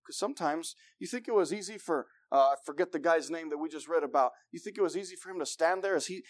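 A fast-talking preacher alternates loud, excited bursts with hushed, low passages. He reads and explains scripture, acting out the voices of God and believers along the way.

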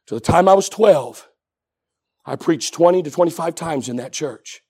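A man delivers a sermon in a high, husky voice with a gravelly edge. He tells his story with lively swings, going from near-whispers up to full shouts. His pitch ranges widely. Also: normal speed. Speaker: preacher.

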